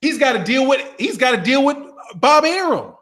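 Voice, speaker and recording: A man commentating on boxing in a casual, animated rant, repeating himself and trash-talking. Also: very high-pitched, normal speed.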